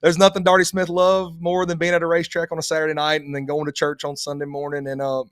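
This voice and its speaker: A man's voice: on the high side, completely flat delivery, fast talker, clean tone, dry recording, studio quality. A man co-hosting a podcast in casual chat, rambling with frequent restarts. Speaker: podcast co-host.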